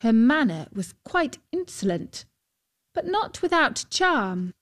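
A woman narrating a fairy tale in a calm, measured storytelling manner. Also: medium pitch.

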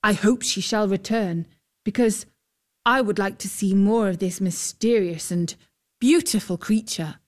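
A woman voicing a courteous, earnest young knight in a storybook reading, speaking formally and slowly. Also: medium pitch, natural voice.

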